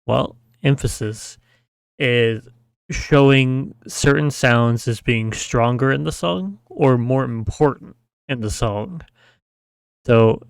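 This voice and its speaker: A man's voice: medium pitch, vocal fry, no room sound. A man giving a casual screen-share tutorial, explaining step by step, often checking with "right?" and humming the sounds he describes. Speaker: mapping tutor.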